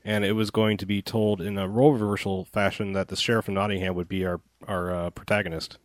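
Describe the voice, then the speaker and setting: A man's voice: low voice, little pitch movement, fast, no echo, studio quality. A man co-hosting a casual movie podcast, rambling and swearing freely. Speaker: podcast co-host.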